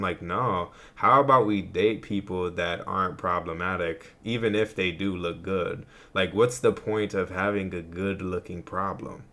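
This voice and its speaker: Deep-voiced male vlog host. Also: a little slow. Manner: relaxed, conversational, opinionated. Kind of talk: casual commentary.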